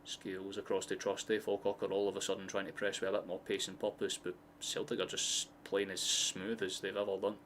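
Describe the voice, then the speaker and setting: A Scottish man streams a football watchalong, his fairly low voice running a loose, excitable, swear-heavy commentary. He wanders into chatty asides between plays, with a faint steady hum behind him. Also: fairly quick, hardly any pauses. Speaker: streamer hosting a match watchalong. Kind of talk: live casual football commentary.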